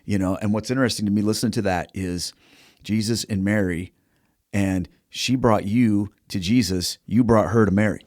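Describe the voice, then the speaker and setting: A man's voice: fairly low pitch, moderate pace, darkish tone, no room sound, studio quality. A man hosting a faith interview, reflective and conversational, building on his guest's story. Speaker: podcast host.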